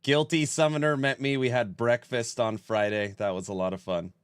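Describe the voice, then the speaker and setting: A man's voice: medium pitch, fairly even intonation, normal speed, smooth, no echo. A man in his forties hosting a casual livestream and reading chat aloud. He sounds stuffed up and worn out and talks in a rambling, self-mocking way. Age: 40s. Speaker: streamer host.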